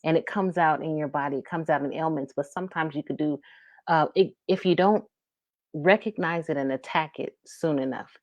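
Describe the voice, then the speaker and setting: Low-voiced woman telling a story. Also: darkish tone, no echo. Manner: earnest, storytelling. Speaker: podcast co-host. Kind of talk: casual chat.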